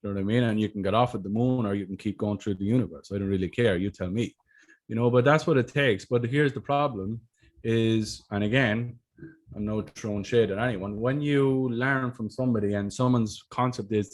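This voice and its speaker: A man's voice: lowish voice, a little fast. A man hosting a casual interview as a sales mentor, talking bluntly and swearing freely.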